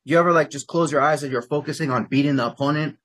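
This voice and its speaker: Husky, bright-toned male dating coach. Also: fast. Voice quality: animated, rambling, peppered with "like". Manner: acts out example lines in bursts of higher pitch. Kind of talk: casual coaching session.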